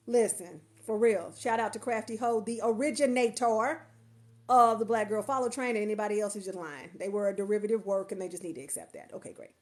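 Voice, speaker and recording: A woman's voice: a little high, fast. A woman coach chatting casually to viewers on a livestream from her couch, affectionate and rambling, often repeating herself. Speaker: coach and marketer. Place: at home on a couch.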